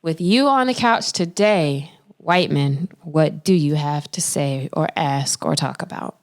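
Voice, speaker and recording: A woman co-hosting a podcast in casual chat, playful and quick to laugh, with loose slang. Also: low voice. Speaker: podcast co-host.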